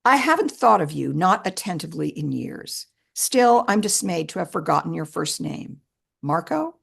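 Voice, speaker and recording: A woman author reading her own personal essay aloud in a measured, expressive way with shifting emphasis. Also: lowish voice, vocal fry, husky.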